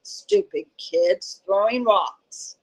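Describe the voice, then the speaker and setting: A woman's voice: mid-range voice, big pitch swings, drawn-out words, husky, heavily acted, poor audio. A woman reading a tense, hissing angry man. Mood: curt.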